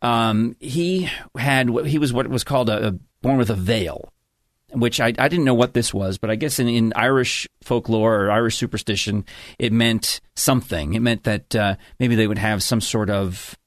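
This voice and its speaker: A middle-aged man talks casually at a middle pitch, telling a long family anecdote. He rambles, trails off and restarts his sentences as he goes. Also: normal speed, dry recording. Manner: rambling, self-interrupting storyteller. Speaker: guest telling a family story. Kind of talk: casual chat.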